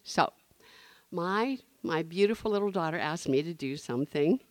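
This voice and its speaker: A woman's voice: on the low side, moderate pace, no echo. A woman speaking to a recovery meeting, telling her story expressively and acting out the people in it. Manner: expressive storyteller, acting out quoted voices, laughing often. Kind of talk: personal testimony to a group.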